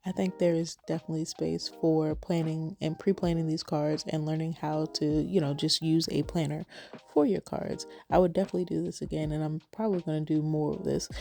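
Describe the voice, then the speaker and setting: Woman crafter, casual craft voice-over, warm low voice with a gravelly edge, chatty and rambling. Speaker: card-making crafter.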